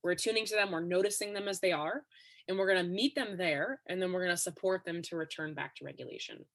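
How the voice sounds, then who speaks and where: A woman guest on a podcast interview, explaining ideas in a steady, instructive way. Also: lowish voice, fast talker. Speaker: expert guest.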